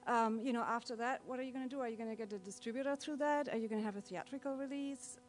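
A woman's voice: fairly high pitch, fast talker. A woman on a discussion panel, asking questions and searching for words.

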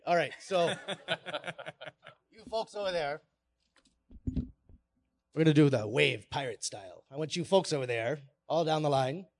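A man giving a playful live talk on stage, coaxing his audience through pirate-voice warm-ups. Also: fairly high pitch. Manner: hammy pirate-voice delivery, coaxing the crowd. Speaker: conference speaker.

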